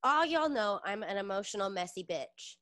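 A woman's voice: mid-range voice, animated, normal speed, pushed and bright, no room sound. A woman co-hosting a podcast in casual chat, gushing and swearing freely. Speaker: podcast co-host.

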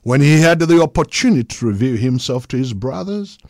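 A man's voice: medium pitch, expressive, brisk, darkish tone, no echo, studio quality. A man delivering a sermon in an emphatic preaching cadence, unscripted and full of fervor.

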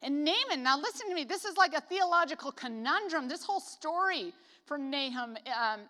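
A woman from Canada preaches a casual sermon, and her fairly high voice comes out bright. She talks in a chatty way with joking asides and plenty of "like". The sound carries a long echo of a large hall. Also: lively intonation, normal speed. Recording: reverberant hall.

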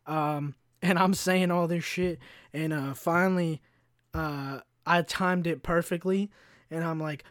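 Young male podcast host, fairly high voice, dry close mic, swears freely and vents about work. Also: steady tone, moderate pace, dry recording. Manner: profane, exasperated ranting with acted-out quotes. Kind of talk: casual storytelling monologue. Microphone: podcast mic, no camera.

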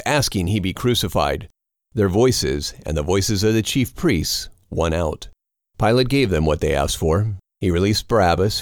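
Deep-voiced man reading scripture. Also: no echo, studio quality. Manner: steady, measured reading. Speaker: audiobook narrator.

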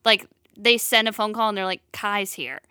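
Brief: young female co-host, chatty and quick, bright voice, dry room. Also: a little high, flat delivery, clean tone, no room sound. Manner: chatty, quick, laughing, says "like" a lot. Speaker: podcast co-host, sibling of the storyteller. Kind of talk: casual chat.

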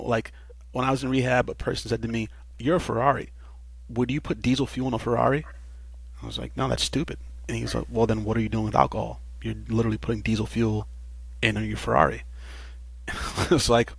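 A man in casual interview talk, telling his recovery story in an earnest, animated way and laughing now and then. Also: medium pitch, gravelly, no echo. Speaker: podcast guest.

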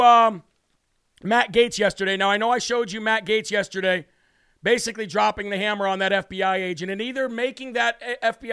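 Brash, worked-up man, high voice. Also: a bit bright, clean tone, dry recording, studio quality. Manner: brash, combative, repetitive declarations. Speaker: political talk show host. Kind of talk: heated political commentary monologue.

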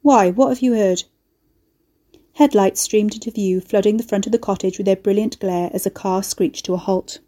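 A woman narrating a dark fantasy story in an expressive audiobook reading. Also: medium pitch, a little fast, few pauses.

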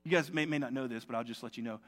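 A man preaching as pastor, animated and acting out quoted lines in shifting voices. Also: mid-range voice, racing, in a large hall. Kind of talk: sermon.

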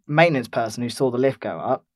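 A man's voice: mid-range voice, lively intonation, fast, no echo. A young man from England telling a rambling holiday story in casual chat, with lots of fillers and restarts. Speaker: podcast co-host.

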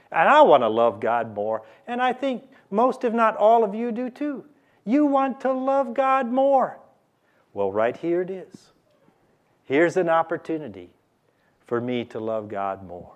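A male pastor preaching a sermon in a church, slow and emphatic, repeating key phrases for the congregation. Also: high-pitched.

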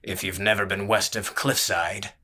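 Gruff, brooding old brawler, deep and slow-spoken muttering, as a male narrator does him. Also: level tone, bright, forceful tone. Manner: low muttering, slurred.

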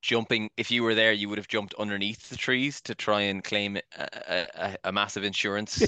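A young man chatting on a podcast with playful ribbing. His voice is bright and crisp, with a low pitch, and the sound is dry and close. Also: little pitch movement, a little fast, dry recording. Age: young adult. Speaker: podcast co-host. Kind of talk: casual chat.

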